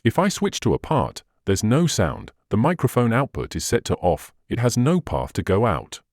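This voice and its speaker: A man's voice: medium pitch, wildly swooping pitch, moderate pace, darkish tone, no room sound, clean studio sound. A man hosting a synthesizer tutorial, patiently walking through settings step by step with slightly non-native phrasing. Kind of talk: instructional screen walkthrough.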